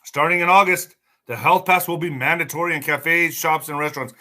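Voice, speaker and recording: Male podcast host, highish voice, bright sharp tone, angry ranting, stumbles reading news. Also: steady tone, fairly quick. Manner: stumbling over words while reading news aloud. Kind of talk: casual news commentary podcast.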